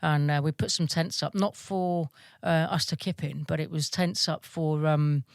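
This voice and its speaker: A woman's voice: low-pitched, fairly even intonation, normal speed, creaky, no room sound. Army vet woman yarning away, swears loads, laughs a lot, dead dry sound. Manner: swears freely, laughs through her stories. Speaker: guest, army veteran. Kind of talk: casual storytelling interview.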